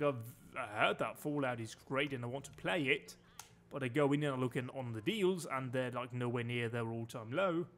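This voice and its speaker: A British man giving chatty live gameplay commentary as a streamer, full of dry, wry asides. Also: mid-range voice. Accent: British English.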